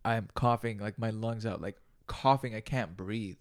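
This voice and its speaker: A man co-hosting a podcast, telling a story in a casual, profane and animated way, acting out gasps and quoted lines. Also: lowish voice, a little slow. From California. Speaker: podcast co-host.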